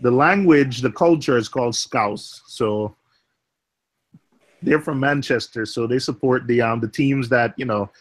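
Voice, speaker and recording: A man chatting on a live stream as a guest, relaxed and explaining at length with lots of "you know.". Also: medium pitch, measured pace. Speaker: chat guest. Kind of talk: casual live-stream chat.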